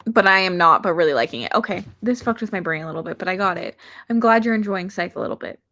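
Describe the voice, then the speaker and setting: A woman's voice: lowish voice, expressive, quick pace, pushed and bright, dry recording, studio quality. A woman hosting a casual book livestream, chatting and reading out viewer comments, rambling and self-deprecating. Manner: chatty, rambling with frequent "like" fillers. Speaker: booktuber hosting reading sprints.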